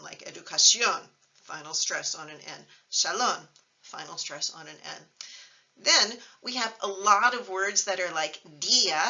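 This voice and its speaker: A woman records a teaching video, walking through each point patiently and clearly, with the odd filler as she goes. Her voice is very bright, sitting a little low for a woman. The recording sounds slightly dull and lo-fi. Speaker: Spanish teacher.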